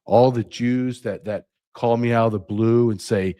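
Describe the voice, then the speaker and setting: A man's voice: mid-range voice, fairly even intonation, unhurried, hardly any pauses, warm tone. A man hosting his own show, delivering an indignant opinion monologue with sarcastic asides. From United States. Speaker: podcast host.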